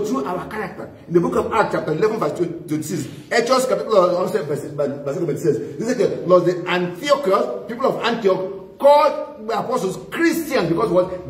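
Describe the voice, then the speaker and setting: A male pastor preaches a sermon in a high voice and keeps asking his congregation to fill in the words. He is recorded in a reverberant church hall from a distance. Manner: call-and-response, prompts the congregation with "what?".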